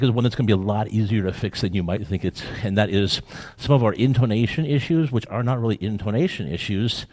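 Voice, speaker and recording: Low-voiced man coaching a student orchestra. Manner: encouraging, playfully teasing. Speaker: guest orchestra clinician. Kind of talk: live rehearsal clinic feedback.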